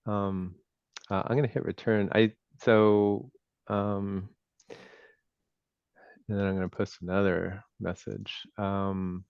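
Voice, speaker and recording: A man hosting a group video call, speaking haltingly with many fillers. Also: on the low side, little pitch movement, creaky, clean tone, no echo. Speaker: call host. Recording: dull lo-fi call audio.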